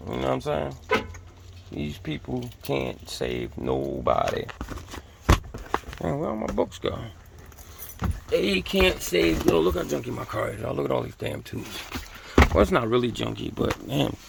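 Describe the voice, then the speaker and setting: A man with a gravelly, creaky voice vlogs from inside his car, preaching in a blunt, profane way. The phone recording picks up a lot of noise from the car. He speaks at an ordinary pitch for a man. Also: expressive, quick pace. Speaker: vlogger. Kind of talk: casual religious rant to viewers.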